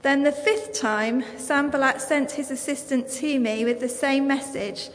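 A woman with an English accent reading a Bible passage aloud in church, measured and formal. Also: sits high. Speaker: Bible reader. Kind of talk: scripture reading. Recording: long church reverb.

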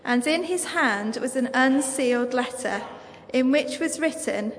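Woman, English accent, high voice, reading scripture, long church reverb. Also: lively intonation. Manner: measured, formal reading. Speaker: Bible reader.

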